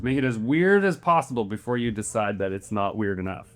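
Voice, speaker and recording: Talking a little fast in a mid-range voice, a podcast host runs a convention panel in front of an audience. Into the panel mic, he muses and tells stories, posing rhetorical questions.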